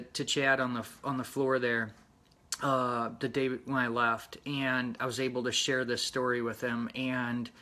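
A man hosting a casual personal vlog, talking earnestly in a rambling, halting way with many fillers. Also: mid-range voice, pushed and bright. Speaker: motorcycle channel host.

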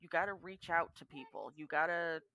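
A woman's voice: deep voice, normal speed, sharp tone, no echo. A woman guest on a podcast, chatting casually and emphatically with many filler words.

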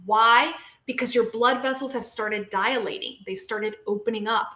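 A woman hosting a casual live-stream Q&A as a physical therapist, chatty and lively, talking straight to her viewers. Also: on the high side, moderate pace, echoey room. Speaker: physical therapist and show host.

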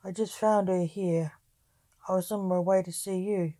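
Sir Justin, a guarded young knight, reserved and terse, read out by a woman in her own calm voice. His lines come slow and dark-toned, with a dry close sound. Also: on the low side, no echo, close to an everyday voice. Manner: plain, even storybook reading.

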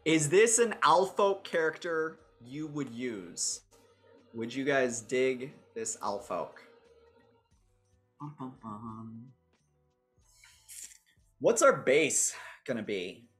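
A man's voice: medium pitch, lively intonation, takes it slowly, pauses often, fairly bright tone, faint music behind. A man hosting a livestream, chatting casually and thinking aloud with a jokey, self-mocking manner as he shows off a character builder. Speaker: host demonstrating a character builder.

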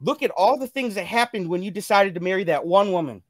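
A man with a fairly high voice speaks in an earnest, preachy, motivational way, circling back to the same points again and again. The sound is dry and close, with no room echo. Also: fast talker. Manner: earnest, preachy, repeats phrases. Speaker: guest. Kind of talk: motivational casual chat. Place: live stream call.

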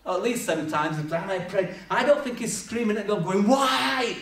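Man, preaching, fairly high voice, humorous storytelling, echoey church, mic at a distance. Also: brisk. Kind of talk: sermon. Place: church hall. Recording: echoey church hall from far off.

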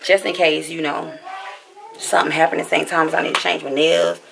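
A woman's voice: deep voice, brisk, gravelly, noisy background. A young woman vlogging casually to her viewers, chatty and venting at times. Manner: chatty, venting, animated when annoyed. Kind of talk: casual vlog chat.

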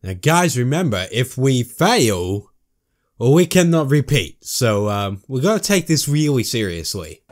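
A man giving jokey let's-play commentary, excitable and breaking into sudden high yelps. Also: measured pace, slight background noise. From Australia. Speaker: gaming YouTuber.

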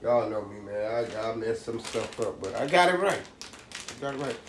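A man's voice: medium pitch, expressive, moderate pace, a little hiss or hum. A man, casually showing his home cooking and talking to viewers as "y'all". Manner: laid-back, talks to viewers as "y'all". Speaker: home cook vlogger. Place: home kitchen. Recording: roomy kitchen with faint background ambience.

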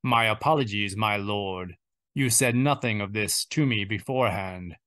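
A man voicing a composed, courteous naval officer who speaks in a measured, assured way. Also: fairly low pitch, a bit bright, no echo, clean studio sound, lightly acted. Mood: calm. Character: calm, courteous male fleet officer.

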